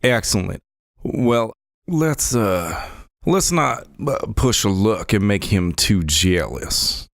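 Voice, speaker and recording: A man's voice: on the low side, expressive, takes it slowly, no echo, clean studio sound. A man voicing a polite, charming young rogue in a tabletop role-play, in a put-on drawl. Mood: smooth.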